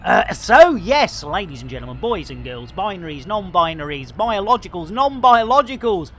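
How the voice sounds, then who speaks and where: A woman's voice: lowish voice, big pitch swings, normal speed, soft background music. A woman streaming a game live, joking and calling out greetings to viewers. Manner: jokey, theatrical, shouts greetings.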